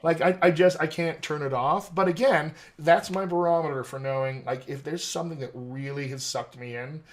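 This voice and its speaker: Animated man explaining accent coaching. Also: a little high. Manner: animated, explains in quick bursts. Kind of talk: casual interview talk.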